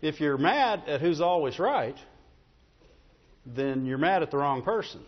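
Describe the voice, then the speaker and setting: A pastor delivers a sermon in a relaxed, chatty style, frequently asking his congregation "Amen?" and "Right?" His voice is on the higher side for a man, expressive and unhurried. The audio sounds dull and carries a long hall reverb.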